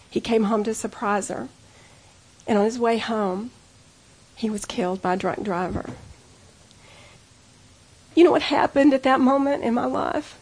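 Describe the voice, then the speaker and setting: Lady preacher, high voice, earnest and pleading, talking right to the women. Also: normal speed, pauses often. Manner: earnest storytelling, intimate and pleading. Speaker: women's speaker. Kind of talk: personal testimony sermon.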